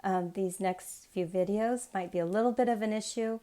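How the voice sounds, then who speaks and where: A woman reading scripture aloud in a measured, unhurried way, then chatting with her listeners, her voice worn from illness. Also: mid-range voice. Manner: unhurried, measured reading; chatty and excited when speaking off the text. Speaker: Bible reading channel host.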